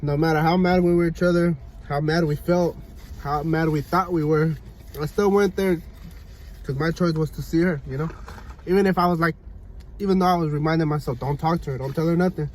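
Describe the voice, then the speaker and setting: Laid-back young man, slightly high voice. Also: steady tone, a little fast, darkish tone, poor audio. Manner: laid-back, repeats "you know?" a lot. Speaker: vlogger. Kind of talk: casual chat. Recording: light background noise.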